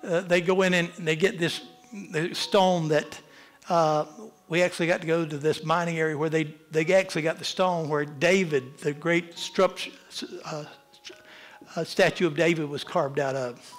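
Impassioned preacher, high voice. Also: male voice, fairly even intonation, normal speed, faint music behind. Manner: impassioned preaching, rising and falling in pitch and volume. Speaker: pastor. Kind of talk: sermon. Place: church.

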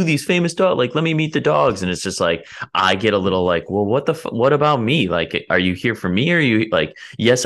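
A man co-hosting a podcast in casual chat, relaxed and rambling with many fillers. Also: low-pitched. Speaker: podcast co-host.

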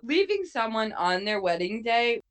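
A woman's voice: on the high side, a little slow. Woman ranting thru a movie recap, lots of swearing, voice jumps up and down a ton. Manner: animated, swears a lot, acts out her reactions. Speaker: co-host. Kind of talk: casual movie recap chat.

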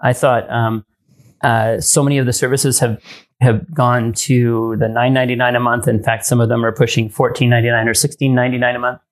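Male podcast host, middle pitch, meandering, thinks aloud in a casual chat. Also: little pitch movement, a little fast. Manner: thinking aloud, many ums and restarts.

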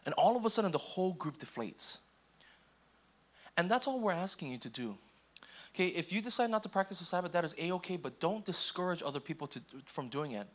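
A young man preaching a sermon in an easygoing, conversational way, often checking in with the congregation and acting out quick voices. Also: high voice, very animated. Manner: casual, repeats okay and restarts, acts out quoted voices. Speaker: pastor.

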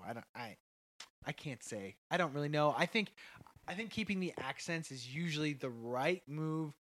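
A man co-hosting a podcast in a casual, animated movie discussion, laughing often and swearing casually. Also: on the high side, dry recording.

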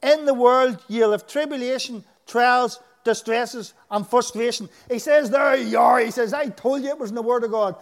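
A man's voice: very high voice, normal speed, hardly any pauses. A man with a Northern Irish accent preaching a sermon, telling stories with emphatic delivery. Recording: echoey hall.

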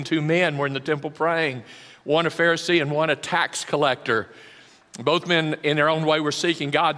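Male pastor, dramatic sermon delivery, slightly high voice, long church reverb. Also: sharp tone. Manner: dramatic, shifts volume for emphasis.

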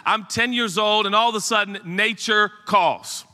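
A man's voice: high-pitched, normal speed. A middle-aged man, a pastor, telling a rambling, funny story in a sermon to his congregation. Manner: animated and chatty, rambling asides to the congregation. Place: church sanctuary. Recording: long hall reverb.

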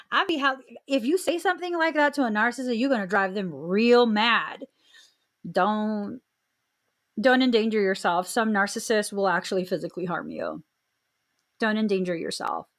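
A young woman hosting a podcast in casual chat, expressive, with frequent laughs and exclaimed reactions. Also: medium pitch, moderate pace. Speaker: podcast host.

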